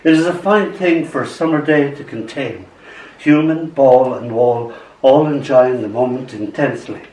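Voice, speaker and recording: A man's voice: medium pitch, moderate pace. Older man reading poems from afar. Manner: soft, storytelling delivery with acted voices. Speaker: poet reading his own work. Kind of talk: live poetry reading. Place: small bookshop, indoors. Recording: roomy bookshop sound from a distance.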